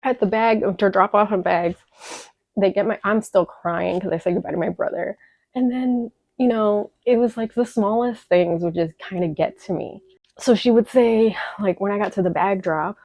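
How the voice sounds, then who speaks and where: A young woman from Chicago rambles through a candid vlog about her life, emotional, profane, and full of fillers. Her voice is mid-range, a little mellow, at a normal speed, recorded without echo on dull, dry, lo-fi audio.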